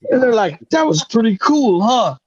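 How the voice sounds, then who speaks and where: A man telling a hunting story in casual podcast chat, profane and animated, acting out the other people's voices. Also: extremely high pitch, moderate pace, dull audio, a little hiss or hum. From grew up in the projects. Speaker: podcast host.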